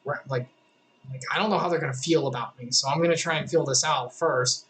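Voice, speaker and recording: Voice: mid-range voice, fairly bright tone, a little hiss or hum, pitched below the performer's own voice, natural voice. A Bible study leader voicing a cautious man in power who is unsure how his brothers feel about him. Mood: uncertain. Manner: hesitant, halting, thinking aloud.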